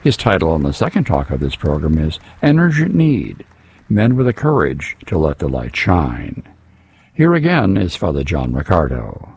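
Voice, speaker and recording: A man's voice: rumbling low, wildly swooping pitch, vocal fry, a little mellow, husky. A man announcing and introducing the next talk on a religious program. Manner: measured introductory delivery. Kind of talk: scripted radio introduction.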